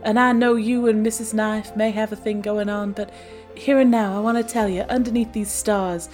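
A woman's voice: medium pitch, lively intonation, measured pace, dark tone, faint music behind, lightly acted. A woman playing a murderous starlet in a comedy sketch, talking in an earnest, wistful way. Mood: confessing. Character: female killer starlet with a double life, yearning.

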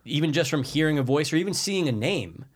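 A young man co-hosting a casual podcast, telling stories in a rambling, animated way with lots of swearing and restarts. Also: fairly high pitch, fast. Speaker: podcast co-host.

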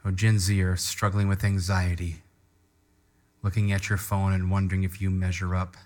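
A man's voice: deep voice, flat delivery, moderate pace. A middle-aged man preaching a sermon as pastor, reading scripture with fervent emphasis and calling the congregation to repeat the words with him. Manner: passionate, rising to loud emphatic scripture reading; leads congregation in call-and-response.

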